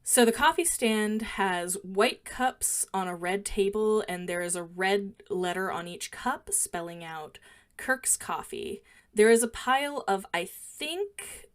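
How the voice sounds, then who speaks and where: A woman's voice: medium pitch, expressive, slow. A woman co-hosting a podcast, recounting film scenes in careful detail and quoting the dialogue in a matter-of-fact way. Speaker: podcast co-host. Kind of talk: casual podcast chat, describing film scenes.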